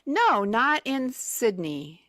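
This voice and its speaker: A woman's voice: fairly high pitch, very animated, takes it slowly, bright, forceful tone, slight background noise. A woman telling travel stories as a guest on a radio show, chatty and full of fillers and restarts. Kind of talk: casual radio chat. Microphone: studio microphone.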